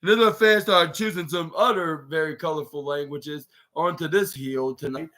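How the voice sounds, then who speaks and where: A man's voice: a little high, moderate pace, sharp tone. A man hosting a podcast, recapping a show in a rambling, casual way with lots of fillers and restarts. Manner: rambling, heavy use of "like" and restarts. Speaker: wrestling podcast host.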